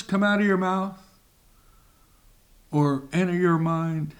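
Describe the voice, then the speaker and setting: A man preaching a sermon, reading scripture aloud and explaining it with dramatic emphasis, at times dropping to a whisper. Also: high-pitched. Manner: slow and deliberate.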